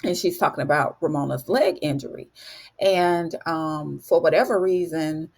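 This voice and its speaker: A chatty woman with a fairly low voice recaps a story for her viewers in a loose, casual way. She keeps calling her listeners honey and y'all. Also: normal speed, a little mellow. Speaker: recap host.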